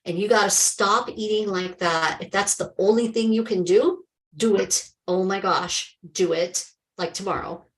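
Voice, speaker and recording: A woman's voice: medium pitch, measured pace, poor audio. A woman talks straight to her live-stream viewers as a health coach, calling them by name. She is emphatic and chatty, full of exclamations, with remarks of faith mixed into her advice.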